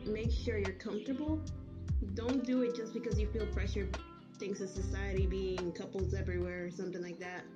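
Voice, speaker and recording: A woman giving calm, earnest advice in a casual podcast chat. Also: medium pitch, fairly quick, music in the background. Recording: dull lo-fi recording.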